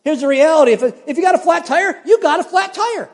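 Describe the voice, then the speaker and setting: A man's voice: very high voice, expressive, fairly quick, long reverb tail. An older man preaching a sermon as pastor, emphatic and repeating phrases for stress while addressing the congregation directly.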